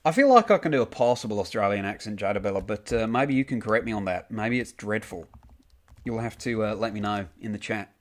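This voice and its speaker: A man's voice: on the low side, expressive, fairly quick. A young man streaming a game, casually reading out and answering chat messages with frequent ums. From United Kingdom.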